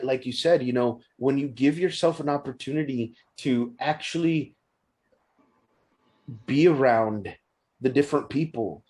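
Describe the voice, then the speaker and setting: A man in his thirties of Mexican-American background, telling stories in a casual podcast chat, animated and stumbling over his words. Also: medium pitch. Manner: animated storyteller, frequent restarts and stumbles.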